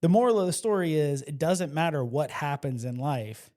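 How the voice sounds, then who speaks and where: A man's voice: on the high side, moderate pace. A man from South Louisiana, a podcast guest, telling stories in casual chat and acting out the voices he quotes. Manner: animated storyteller, acts out quotes; passionate, excitable.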